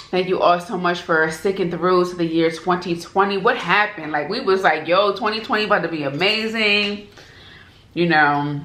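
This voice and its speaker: A woman hosting an eating show, chatting casually to her viewers between bites. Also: on the low side. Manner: warm, chatty, talks to viewers as "y'all". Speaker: mukbang host. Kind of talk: casual chat while eating. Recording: echoey room with faint noise.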